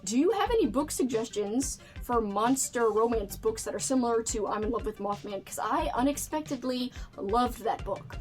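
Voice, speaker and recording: A woman's voice: on the high side, lively intonation, normal speed, few pauses, darkish tone, soft background music. A woman book vlogger chatting casually to camera, bubbly and full of "like" fillers.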